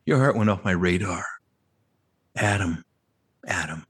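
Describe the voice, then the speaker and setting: A man's voice: low voice, expressive, measured pace, a bit bright, slightly rough, pitched below the performer's own voice, full character voice. A man voicing God the Father, an older male figure calling out in a plaintive, loving way. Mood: pleading.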